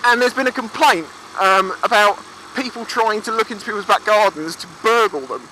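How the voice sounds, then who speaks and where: A man's voice: high voice, moderate pace, pushed and bright, rough recording. A young Englishman in his twenties telling stories for his vlog while riding a motorbike by the sea, chatty and swearing freely. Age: 20s. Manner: chatty, swears freely, acts out quoted voices. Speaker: vlogger. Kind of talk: casual storytelling vlog. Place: outdoors on a motorbike by the seafront. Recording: faint road and engine noise.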